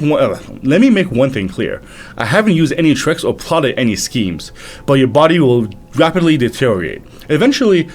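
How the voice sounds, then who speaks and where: A man voicing a calm, scheming young male prince who speaks in a cool, matter-of-fact way. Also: mid-range voice.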